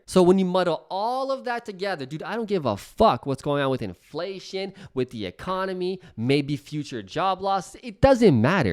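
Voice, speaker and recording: A slightly high-voiced man in his thirties talks straight to the camera in a casual, heated rant. He swears freely and slips into mocking impressions of the people he criticizes. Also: big pitch swings, normal speed, hardly any pauses. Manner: profane, heated, mocks others in put-on voices. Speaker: real estate commentator.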